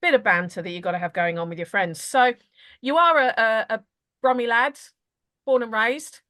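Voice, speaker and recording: Essex woman hosting a podcast, chatty, rambles a bit, bright tone. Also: a little high, moderate pace. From Essex, England. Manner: chatty, rambling, laughs often. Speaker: podcast host. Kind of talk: podcast interview.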